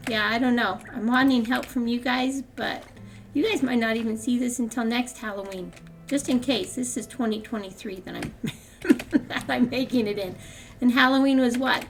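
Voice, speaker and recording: An older woman runs a gaming channel, chatting casually as she plays, laughing often and rambling through restarts. Her voice is on the high side.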